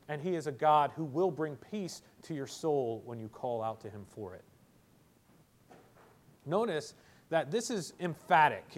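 A pastor preaching a sermon to his congregation with emphatic, swinging delivery and repeated words for stress. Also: on the high side.

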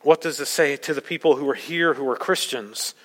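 A male pastor preaching a sermon with urgent emphasis, swinging from soft passages to loud ones. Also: a little high, brisk, in a large hall. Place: church.

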